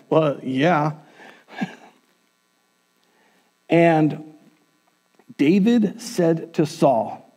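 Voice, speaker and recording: A man's voice: fairly high pitch, drawn-out words, long pauses, mellow. A male pastor telling a Bible story in a casual, conversational sermon with humorous asides. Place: church.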